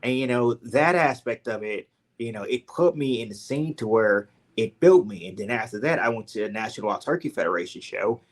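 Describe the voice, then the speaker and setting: Expressive and a little fast, a young Southern-accented man from Louisiana speaks in a mid-range voice while telling his story on a podcast. The telling is relaxed and animated, thick with "like" and "man."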